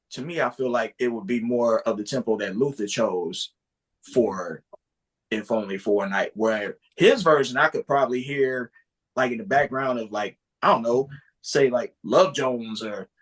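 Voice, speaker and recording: A man in a relaxed music talk show, weighing his words and circling back with plenty of "like" and "you know." His voice sits at an ordinary middle pitch, easygoing and unhurried. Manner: thoughtful, hesitant, full of "like" and "you know". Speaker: podcast co-host. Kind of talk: casual music discussion.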